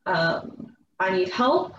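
A woman's voice: medium pitch, expressive, slow pace, fairly bright tone, a little hiss or hum. A woman voicing a devout young woman cleric who prays in a hesitant, earnest whisper. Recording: echoey dull room sound.

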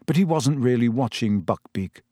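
A man reading a fantasy novel aloud in steady, measured storytelling narration. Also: mid-range voice, breathy edge, dry recording, studio quality. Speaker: audiobook narrator. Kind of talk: scripted narration.

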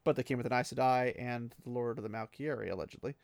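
A man's voice: medium pitch, quick pace, no room sound. A man casually retelling a fantasy novel chapter for a podcast, chatty with lots of asides. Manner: chatty, lots of 'he's like' asides, laughs at the text. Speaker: book recap podcaster.

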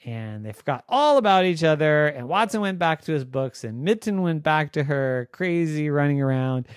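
A man telling an improvised bedtime story in a gentle, playful way. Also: on the high side, lively intonation, moderate pace, smooth, no echo, studio quality.

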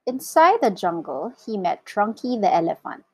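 A woman teacher reading a children's story aloud to her class, slow and expressive. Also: medium pitch, dry recording.

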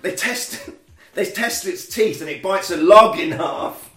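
A man with a slightly high voice tells a film story in casual chat, animated, with loud bursts for the characters. His voice rings in an echoey room, with faint music underneath. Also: slow pace. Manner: animated, shouts out quoted lines in put-on voices, swears freely. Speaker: podcast co-host recapping a film.

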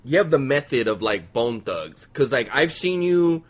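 A man hosting a casual interview, relaxed and hyping up his guest. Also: medium pitch, normal speed. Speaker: podcast host.

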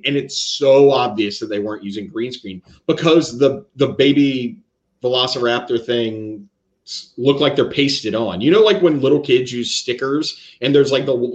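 A man's voice: mid-range voice, muffled recording. Rambling male podcast co-host. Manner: rambling, stumbles and restarts, tangents. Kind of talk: casual chat.

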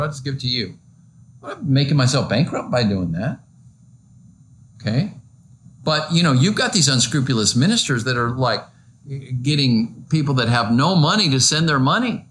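A man's voice: fairly high pitch, fairly bright tone, a little hiss or hum. A male pastor giving a conversational, joking sermon full of rhetorical questions to his listeners.

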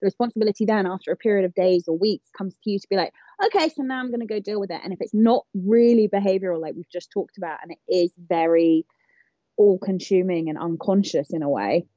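A woman's voice: lowish voice, a little fast, mellow, dry recording. A woman co-host speaking bluntly and casually, with swear words scattered through her talk. The sound is dry and a little dull, missing some top end. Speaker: podcast co-host, fitness coach. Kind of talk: casual chat.

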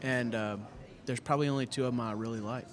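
Speaking quickly with a medium-pitched voice and fairly even intonation, a man who is a pastor and podcast co-host chats casually at a brewery. He laughs easily and talks earnestly over the noisy taproom crowd.

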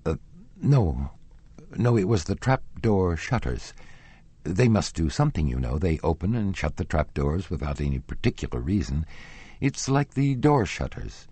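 A nervous young woman with a low, husky voice, as a male audiobook narrator reads her lines. She pleads and insists in a trembling, feverish rush, and her pitch moves around a lot. The audiobook recording is dry and close. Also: sing-song, normal speed, dark tone, no room sound, full character voice. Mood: frightened, evasive. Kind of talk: audiobook reading.

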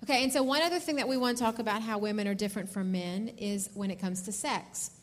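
A woman's voice: mid-range voice, quick pace. A woman teaching couples at a marriage seminar, speaking directly and often checking in with "okay?".

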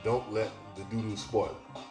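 A man's voice: fairly low pitch, little pitch movement, normal speed, darkish tone. A man hosting a podcast, reading news headlines aloud and ranting about them in a blunt, profane, sardonic way. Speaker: podcast host. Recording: roomy echo, faint music.

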